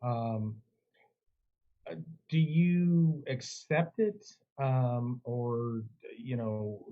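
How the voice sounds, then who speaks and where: A man's voice: medium pitch, extremely slow, narrow, tinny audio. A man moderating a debate who asks questions hesitantly, with many fillers.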